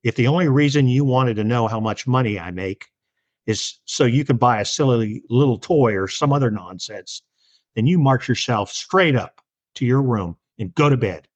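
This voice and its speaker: A man's voice: medium pitch, normal speed, natural voice. A man voicing a tired, irritable working father who scolds his young son. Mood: stern. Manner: stern, scolding.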